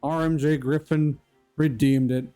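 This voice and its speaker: A man's voice: fairly high pitch, steady tone, measured pace, warm tone. Chill streamer guy reading out chat, takes his time, faint music playing. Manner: chatty, reads and answers chat comments.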